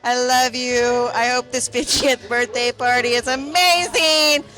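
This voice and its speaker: Tipsy woman gushing love, bright monotone. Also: fairly high pitch, measured pace, faint music behind, low-quality recording. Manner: gushing, repeats herself affectionately. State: drunk. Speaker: party guest. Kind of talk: guest book voice message.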